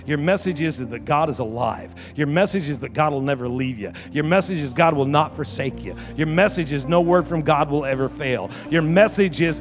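A man preaching a sermon as pastor, repeating phrases and building to loud shouts. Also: on the high side, lively intonation, fairly quick, hardly any pauses, in a large hall, soft background music. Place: church.

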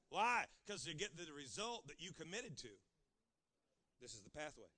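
A man's voice: fairly high pitch, big pitch swings, a little fast, bright, forceful tone. A male pastor preaching a sermon, acting out pleading voices dramatically.

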